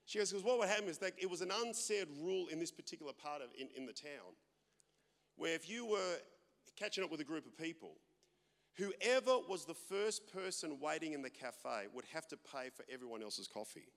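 A man preaches with a naturally loud, animated delivery and pokes fun at himself as he tells stories. His voice sits high for a man. The sound carries a long reverb from a large hall. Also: moderate pace. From Australia. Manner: loud, animated, self-deprecating humor. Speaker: pastor. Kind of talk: sermon with storytelling.

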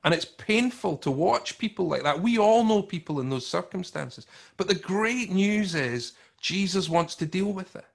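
Animated preaching man, slightly high voice. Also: creaky. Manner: animated preaching, swings from loud emphatic to hushed and slow; conversational, with repeated words and restarts. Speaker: pastor. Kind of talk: sermon.

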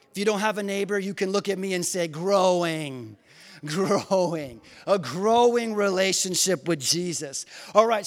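High-voiced preaching man in a reverberant hall. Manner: preaching with swings from loud emphasis to quiet, slow reading. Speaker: pastor. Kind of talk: sermon. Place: church sanctuary. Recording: long reverb of a church hall.

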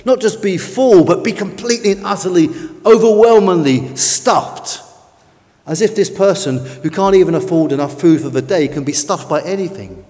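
Man, high-pitched preacher, emphatic sermon delivery, echoing hall. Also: mellow. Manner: emphatic, with slow drawn-out stresses. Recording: long reverb of a large hall.

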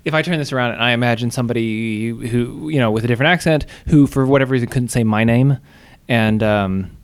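A man's voice: medium pitch, fast, clean tone. An American man co-hosting a casual chat, thinking aloud with fillers and musing over questions. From United States. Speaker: podcast co-host.

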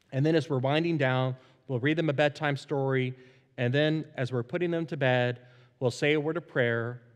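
A man in his thirties, a pastor preaching a sermon into a microphone, animated and playful as he acts out family stories. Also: mid-range voice. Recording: long hall reverb.

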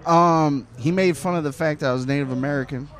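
A man's voice: on the high side, fairly quick. A man on a comedy podcast panel in a pub, telling rambling, profane stories and laughing often in casual chat.

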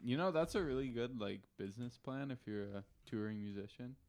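A man's voice: medium pitch, lively intonation, a little fast, a little mellow, slight background noise. A man chatting on a podcast, laid-back with short easy replies. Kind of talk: casual chat.

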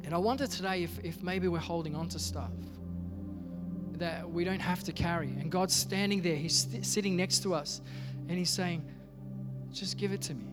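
A man's voice: high-pitched, steady tone, normal speed, long reverb tail, over music. A man preaching a sermon in a conversational way, acting out little dialogues. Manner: conversational, acts out quoted dialogue. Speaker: pastor.

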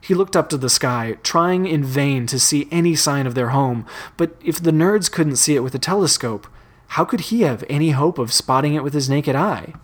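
A man narrating a fan story in a plain, measured reading. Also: a little high.

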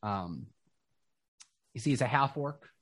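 A man narrating a tabletop game as game master, describing scenes slowly with lots of fillers. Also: mid-range voice, expressive, a bit bright. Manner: slow, descriptive, rambling with fillers.

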